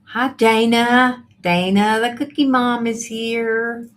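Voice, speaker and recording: Slow-talking woman chatting on a livestream. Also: a little high, steady tone. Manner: chatty, greets viewers by name. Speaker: livestream host reading viewer chat. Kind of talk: casual live chat. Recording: faint background noise.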